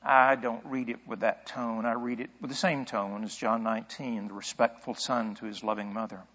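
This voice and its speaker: A pastor preaching a sermon in a conversational way, asking rhetorical questions and thinking aloud. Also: male voice, medium pitch, flat delivery, moderate pace, fairly bright tone, husky, long reverb tail, muffled recording.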